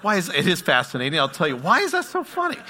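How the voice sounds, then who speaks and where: A man preaching a sermon, telling stories and swinging between hushed asides and loud exclamations. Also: fairly high pitch, huge pitch swings, fast. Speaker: pastor.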